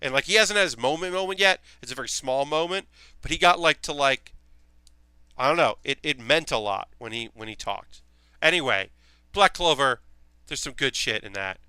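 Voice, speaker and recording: A man's voice: medium pitch, animated, moderate pace, pushed and bright, clean tone, dry recording. A young man chatting casually on his live stream while building models, rambling enthusiastically with lots of fillers and casual swearing.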